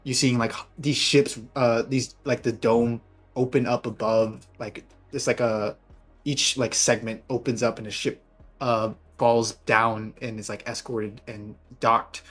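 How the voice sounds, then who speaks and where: A man's voice: mid-range voice, level tone, a little slow, a bit bright, faint music behind. A man running a tabletop game as game master, setting scenes cinematically with some fillers.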